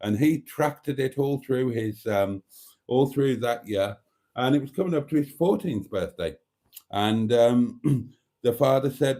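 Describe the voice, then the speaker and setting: Mellow-voiced man hosting a livestream. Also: medium pitch, lively intonation, unhurried. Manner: chatty, laughs a lot, rambling joke-telling with asides. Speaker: livestream host. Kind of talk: casual chat, reading comments and telling a joke.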